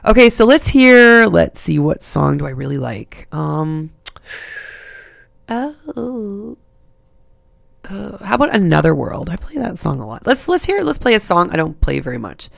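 Hoarse rambling radio DJ. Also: mid-range voice, sing-song, unhurried, dry recording, clean studio sound. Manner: rambling, self-mocking, quotes own thoughts aloud. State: hoarse, raspy voice today. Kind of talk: casual on-air chat. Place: campus radio studio.

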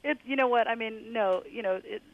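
A woman's voice: a little high, brisk, dull audio, a little hiss or hum. A woman who runs tantra workshops, appearing as a radio guest and giving advice in an assured, coaching way.

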